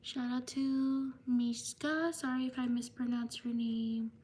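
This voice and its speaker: Slow, flat-voiced woman streamer. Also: on the high side, slight background noise. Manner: slow, even reading of viewer names. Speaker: livestream host. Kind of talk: live stream shout-outs.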